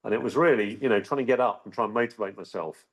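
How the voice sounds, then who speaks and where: Man, middle-aged, lowish voice; earnest interview guest, halting storyteller. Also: highs cut off. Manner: halting, with frequent restarts and repeated words. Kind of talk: recounting a personal story.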